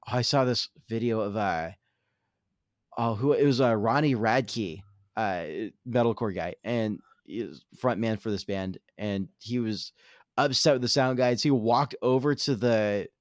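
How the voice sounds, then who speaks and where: A man co-hosting a podcast in casual chat, speaking in a relaxed, easygoing way with offhand slang. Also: medium pitch, measured pace, no echo, clean studio sound. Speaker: podcast co-host.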